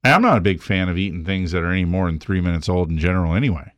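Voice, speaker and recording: A man's voice: sits low, lively intonation, rapid-fire, a bit bright, no echo, clean studio sound. A man hosting a casual talk show who rambles animatedly through stories and work talk. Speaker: podcast host, mortgage lender. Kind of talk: casual chat.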